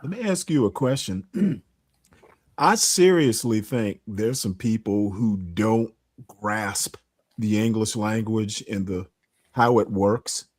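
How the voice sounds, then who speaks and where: A man in casual chat on a stream, talking slowly and deliberately. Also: fairly low pitch, darkish tone, no echo, clean studio sound.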